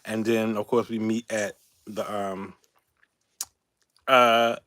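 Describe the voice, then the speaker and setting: This Baltimore, Maryland man hosts a YouTube channel and speaks slowly in a fairly low voice, captured dry and close with no echo. During a casual storytelling livestream he gets animated, laughs, swears, and raises his voice to quote others.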